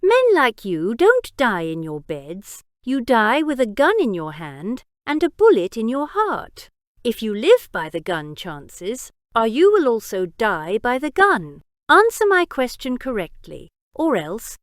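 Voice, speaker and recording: A woman voicing a cold, deliberate vigilante avenger. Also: on the high side, wildly swooping pitch, dry recording, clean studio sound. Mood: menacing.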